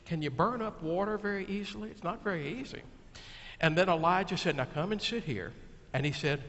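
A man, a pastor, telling a Bible story to children gathered at the front of a church, animated and lively, loudly acting out the crowd's cries. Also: high-pitched, brisk, in a large hall, dull audio. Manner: animated, shouts quoted cries. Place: church sanctuary.

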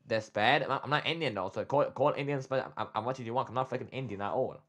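Excitable bright-voiced young streamer man. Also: mid-range voice, fast. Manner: excitable, trash-talks chat, repeats "bro". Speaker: streamer reacting to a video. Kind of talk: casual livestream reaction talk.

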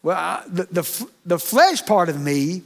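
High-voiced pastor preaching. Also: male voice, big pitch swings, a little slow, vocal fry. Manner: folksy, with frequent "okay?" and "amen?" asides to the congregation. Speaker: associate pastor. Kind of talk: sermon.

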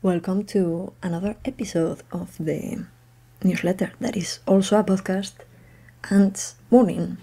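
A woman's voice: mid-range voice, steady tone, measured pace, creaky, warm tone, slightly rough. A woman from Spain, hosting her podcast in a casual, unedited monologue, chatty and hesitant with frequent laughs. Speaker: podcast host. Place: home room.

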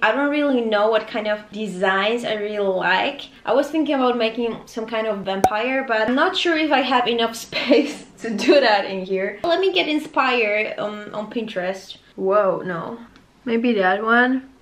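In her twenties, a woman vlogs casually from a room at home, rambling along with nervous, self-mocking asides. Her pitch is fairly high and her pace measured. The room is echoey, with faint background noise.

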